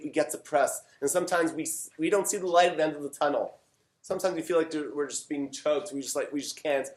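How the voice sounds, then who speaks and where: A man, a rabbi giving an animated sermon that swings from loud fervor to quiet reflection. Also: a little high. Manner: storytelling, rising to loud fervor then dropping quiet. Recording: echoey room.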